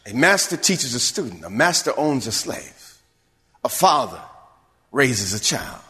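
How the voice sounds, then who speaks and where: A male pastor preaching a sermon, asking the congregation questions and swinging between hushed asides and raised exclamations. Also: medium pitch, very animated, a little slow. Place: church sanctuary. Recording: long hall reverb.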